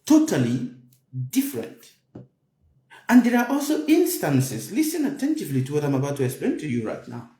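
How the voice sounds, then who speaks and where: A man giving a spiritual talk to listeners, emphatic and repeating his phrases, his voice climbing high to stress a point. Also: huge pitch swings, fast, few pauses, warm tone. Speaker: spiritual teacher. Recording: roomy echo.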